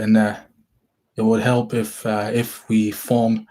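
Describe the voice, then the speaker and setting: A young man from Ghana with a Ghanaian accent talks casually to his listeners. His voice is husky and fairly low, and he rambles and often starts his sentences over. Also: flat delivery, mellow. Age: young adult. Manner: rambling, halting, with many restarts. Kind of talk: casual motivational talk.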